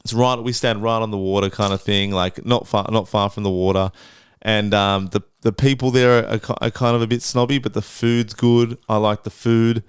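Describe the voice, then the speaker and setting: A man's voice: fairly low pitch, moderate pace, clean tone, dry recording. Swearing man telling stories. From Australia. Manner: animated, swears a lot, acts out voices in anecdotes. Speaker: podcast co-host. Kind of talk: casual storytelling chat.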